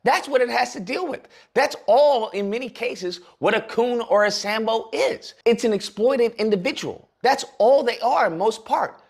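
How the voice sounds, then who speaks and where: A man's voice: extremely high pitch, moderate pace, creaky, hardly any pauses. A man giving heated, sarcastic commentary on a livestream, ranting at length. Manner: heated, sarcastic, speaks in long rants. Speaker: political commentator.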